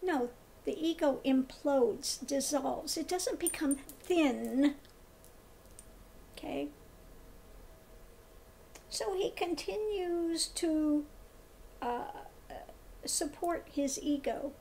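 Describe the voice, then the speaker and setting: A woman's voice: high voice, very slow, gravelly, long pauses, a little mellow, a little hiss or hum. A woman giving a spiritual commentary monologue, emphatic and scornful, who repeats her points and asks "okay?" often. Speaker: tarot reader and spiritual commentator.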